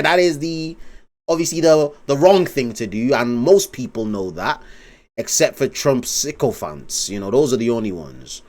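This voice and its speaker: A man streaming live, rambling in casual commentary, swearing and laughing often. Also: on the high side.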